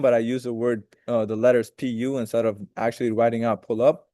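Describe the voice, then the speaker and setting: A man's voice: mid-range voice, level tone, a little fast, dark tone, no room sound. A man leading a group video call, giving a casual, rambling motivational talk with profanity and direct questions to his listeners.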